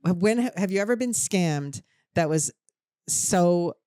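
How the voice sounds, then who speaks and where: A woman's voice: fairly low pitch, takes it slowly, clear, resonant tone, dry recording. Jersey woman telling a story, dry sound. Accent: New Jersey. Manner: animated storytelling, self-deprecating. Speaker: podcast co-host. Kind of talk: casual chat.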